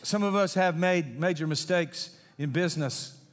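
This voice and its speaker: Middle-aged man, folksy pastor preaching with jokes; higher voice, long reverb of a church hall. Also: moderate pace. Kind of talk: sermon.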